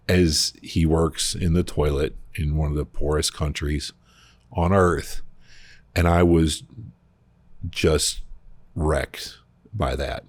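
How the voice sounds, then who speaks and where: A man tells travel stories on a podcast in a loose, animated way, full of restarts. His voice is extremely low and husky. The recording is dry and close. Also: slow, long pauses, no room sound. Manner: animated, rambling storyteller. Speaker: podcast co-host. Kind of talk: casual storytelling chat.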